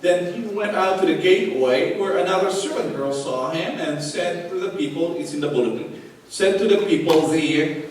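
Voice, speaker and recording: A man preaching a sermon as pastor, animated and acting out quotes, with frequent chuckles. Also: on the high side, normal speed. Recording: echoey hall from far off.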